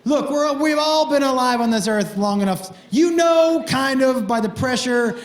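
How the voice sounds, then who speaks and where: A middle-aged man doing stand-up, telling crude stories in a playful, animated way with sudden loud outbursts. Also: very high voice, moderate pace. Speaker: stand-up comedian. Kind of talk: stand-up storytelling. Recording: roomy echo with faint noise.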